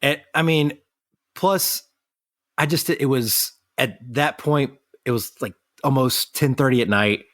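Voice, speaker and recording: Casting: American male podcast co-host, mid-range voice, dry close sound, animated storyteller. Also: medium pitch, no echo. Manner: brisk, animated retelling with quoted dialogue. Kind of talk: casual storytelling chat.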